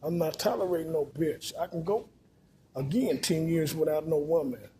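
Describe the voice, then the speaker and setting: A man's voice: on the high side, moderate pace, dark tone, a little hiss or hum. A man, delivering a rambling, profane, preachy monologue full of repetition.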